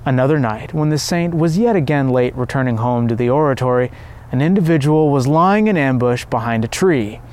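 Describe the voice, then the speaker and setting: A man giving measured, reverent scripted narration of a devotional story. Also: medium pitch, a little mellow.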